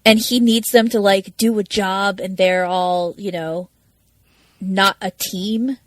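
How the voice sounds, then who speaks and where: A woman chats on a podcast in a casual, talkative way, throwing in quick asides. Her voice is of middling pitch. The recording is close and dry. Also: fairly even intonation, no echo. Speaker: podcast co-host.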